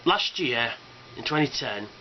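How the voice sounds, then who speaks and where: A man's voice: mid-range voice, lively intonation, a little slow, highs cut off, slight background noise. A man rambling casually about a fan convention, enthusiastic and swearing, with lots of fillers. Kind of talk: casual rambling video response.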